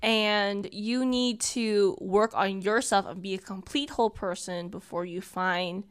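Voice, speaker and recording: A woman's voice: mid-range voice, steady tone, a little slow, clear, resonant tone. A young woman co-hosting a podcast, sharing her thoughts in a reflective, casual way. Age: young adult. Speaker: podcast co-host. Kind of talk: casual chat.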